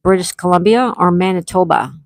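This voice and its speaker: A woman's voice: lowish voice, animated, fairly quick, dry recording, low-quality recording. A woman hosting a casual live-stream trivia game, reading each question twice and greeting players by name.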